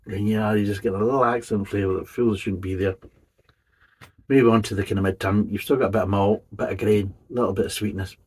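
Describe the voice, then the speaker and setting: Man, low voice, husky, methodical tasting review, casual talk. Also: a little mellow, rough recording. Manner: methodical, detailed tasting commentary. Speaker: beer reviewer.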